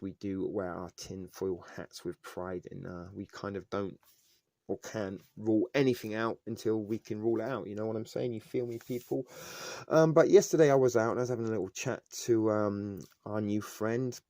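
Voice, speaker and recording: Middle-aged man, low-voiced live stream host, rambling and jokey, dry close sound. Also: mellow, no room sound. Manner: rambling, joking, full of fillers and tangents. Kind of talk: casual live stream chat.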